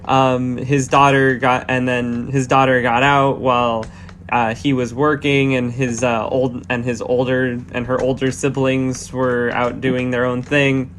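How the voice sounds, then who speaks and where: A man narrating as game master of a tabletop game, halting with many fillers and restarts. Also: mid-range voice, flat delivery, a bit bright, a little hiss or hum.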